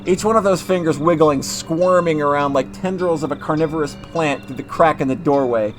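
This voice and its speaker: A man reading a visual novel aloud in measured first-person narration, sometimes restarting a phrase. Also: fairly high pitch, soft background music. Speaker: reader.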